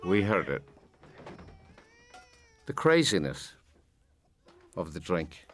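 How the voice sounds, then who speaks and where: An older man from Ireland giving an audio commentary, halting and repeating words as he recalls his past. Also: sits low, very animated, slight background noise. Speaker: film commentator.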